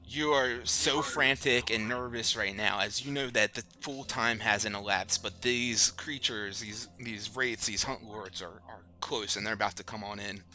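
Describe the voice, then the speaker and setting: A man running a tabletop game as dungeon master, narrating in an unhurried, lively way. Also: on the low side, a little hiss or hum. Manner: unhurried and lively, with fillers and restarts while he narrates.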